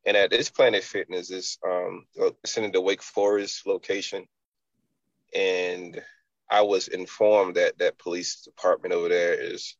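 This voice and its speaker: Male fitness entrepreneur, low fried voice, rambling interview storyteller, dull lo-fi sound. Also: level tone, measured pace, no echo. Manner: loose, rambling, many "you know" fillers.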